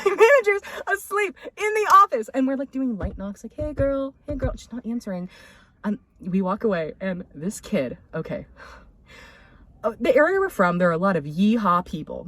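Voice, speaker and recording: A woman's voice: a little high, no echo. A young woman co-hosting a casual chat, telling a workplace story with acted-out quotes and laughter. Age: young adult. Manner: animated, acts out quotes with laughter. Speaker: podcast co-host.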